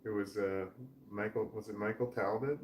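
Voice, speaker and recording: A man's voice: fairly low pitch, fairly even intonation, normal speed. A man in his forties hosting a home livestream, chatting in a rambling way, trailing off and swearing casually as he reads viewer comments. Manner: meandering, trails off mid-sentence, swears casually. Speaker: livestream host reading chat. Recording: roomy, distant mic with faint background noise.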